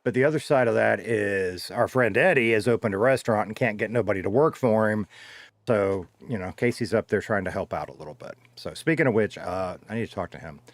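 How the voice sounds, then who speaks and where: A man's voice: fairly low pitch, a little fast, no echo. A man chatting casually on a live stream, swearing freely and laughing often.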